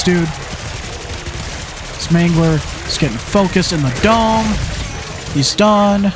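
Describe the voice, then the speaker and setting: A young gaming streamer provides live commentary while playing a zombie shooter, frustrated and swearing as he talks to the game, swinging between mumbled asides and loud yelled outbursts. His voice is high and expressive, a little slow with frequent pauses, over a noisy background.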